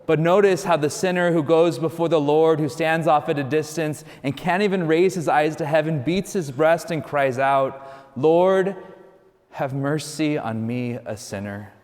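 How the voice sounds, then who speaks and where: A man, a Catholic priest, preaching a homily in a relaxed, storytelling way, often adding "you know". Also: on the high side, normal speed, hardly any pauses, in a large hall.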